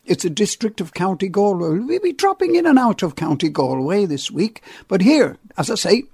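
Radio host guy, high lively voice, a bit husky, chatty and welcoming, dry studio sound. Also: moderate pace, no room sound. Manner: chatty, warm-hearted welcoming patter. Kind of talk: radio show presenting.

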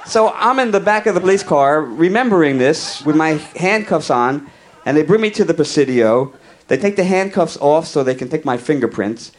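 A male comedian telling a long comic story in a wry, conversational way, with deadpan asides. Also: fairly high pitch, normal speed.

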